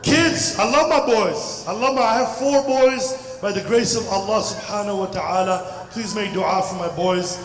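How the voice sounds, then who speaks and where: Loud, high-voiced comedian in an echoey hall. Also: male voice, normal speed, hardly any pauses. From India. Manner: loud, animated, playful crowd banter. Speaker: stand-up comedian. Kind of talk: stand-up comedy set. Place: large hall at a community festival. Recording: echoey hall mic from a distance, crowd noise. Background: audience murmur and laughter.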